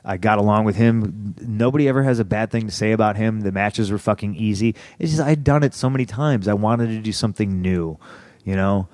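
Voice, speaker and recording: A man in his thirties tells his stories on a podcast, swearing freely and getting heated. His voice sits low, and the close mic sounds dry with no room behind it. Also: brisk, dry recording. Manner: profane, heated, animated retelling with rising outbursts. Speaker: podcast guest. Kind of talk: candid storytelling interview.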